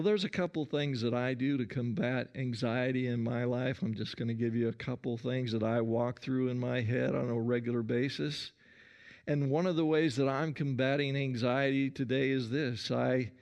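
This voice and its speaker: A man preaching a sermon in an earnest way, often calling "listen" and pausing between phrases. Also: mid-range voice, a little mellow. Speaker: pastor.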